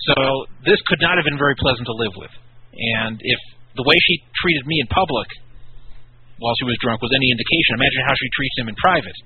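A man's voice: mid-range voice, fast talker, a little hiss or hum. Opinionated man telling stories on a tinny line. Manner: storytelling, opinionated. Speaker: radio show host. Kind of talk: casual radio chat.

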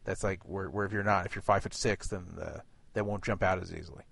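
A man's voice: sits low, steady tone, quick pace, creaky, fairly bright tone, dry recording. A man hosting an online radio show in casual chat, rambling and correcting himself.

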